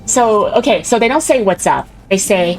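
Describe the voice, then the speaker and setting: A woman's voice: mid-range voice, expressive, moderate pace, soft background music, poor audio. A young woman VTuber chatting while she plays a game. She rambles, giggles and mimics voices. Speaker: VTuber streamer. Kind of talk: casual chat while gaming.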